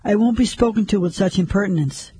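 A man reading the lines of an indignant, pompous gentleman lodger in a story. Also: high voice, a little fast, slightly rough. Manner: blustering, haughty.

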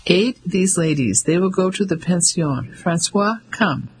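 A man voicing a big village man who speaks formally and gives orders with calm assurance. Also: high voice, a little slow, slight background noise, rough recording. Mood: assured. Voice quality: formal, reassuring, commanding.

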